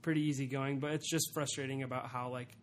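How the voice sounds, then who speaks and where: A man in his twenties from Ohio chats as a podcast guest in an easygoing, hesitant way, filling pauses with ums. Faint background noise sits under his mid-pitched voice. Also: level tone. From Ohio, USA. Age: 20s. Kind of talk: casual podcast chat.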